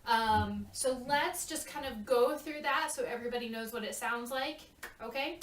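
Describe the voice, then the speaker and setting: A woman's voice: a little high, moderate pace. A woman walking a youth cast through a dance routine, chatty and often checking in with "okay?". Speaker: choreographer. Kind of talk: dance walkthrough. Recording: echoey room, mic at a distance.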